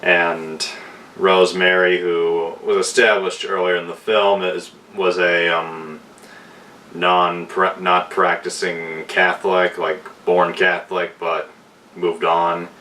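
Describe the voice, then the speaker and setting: A man giving a casual spoken film review, retelling the plot in an unhurried way with fillers and restarts. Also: sits low, bright, forceful tone, slight background noise. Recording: voice distant from the mic.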